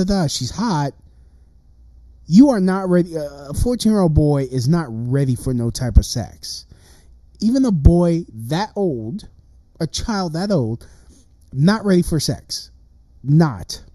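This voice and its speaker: Thirties male streamer, dark, unhurried voice, cursing and agitated in a solo rant. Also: on the high side, no echo. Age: 30s. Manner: profane, agitated ranting with many restarts. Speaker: livestream host. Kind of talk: ranting livestream monologue.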